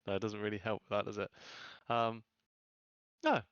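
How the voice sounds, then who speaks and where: A man co-hosting a casual podcast, reacting with quick remarks and frequent laughter. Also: lowish voice, level tone, fairly bright tone, smooth, dry recording. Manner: laughs along, short reactions. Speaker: podcast co-host. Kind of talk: casual chat. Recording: dry, dull lo-fi mic.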